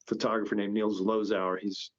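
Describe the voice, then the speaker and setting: Low-voiced man telling a rambling story. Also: level tone, moderate pace. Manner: rambling, with many restarts. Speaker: guest, company founder. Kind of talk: casual storytelling. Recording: dull lo-fi podcast audio.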